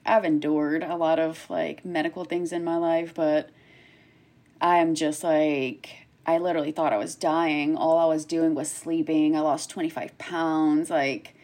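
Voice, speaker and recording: A woman in her thirties with a slightly low-pitched voice chats on a casual podcast. She tells her stories in an animated way, laughing often and acting out what people said. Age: 30s. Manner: animated storyteller, laughs often, acts out quotes. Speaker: guest, cancer survivor.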